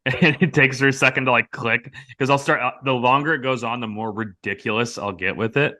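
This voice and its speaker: A man's voice: medium pitch, a little fast. An American man in casual conversation, animatedly telling a prank story and acting out the lines of the people in it. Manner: animated storyteller, acts out quotes loudly.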